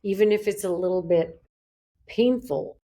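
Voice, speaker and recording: Woman, podcast guest, casual chat, mid-pitched voice, emphatic, dramatizes quotes. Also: moderate pace, mellow. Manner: emphatic, acts out quotes with big pitch swings.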